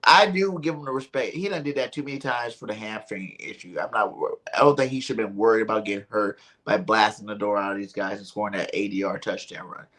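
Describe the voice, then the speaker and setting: A man's voice: lowish voice, fast talker, hardly any pauses, poor audio. Slangy man co-hosting a sports podcast. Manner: animated storytelling, slangy. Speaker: podcast co-host. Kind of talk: casual sports talk.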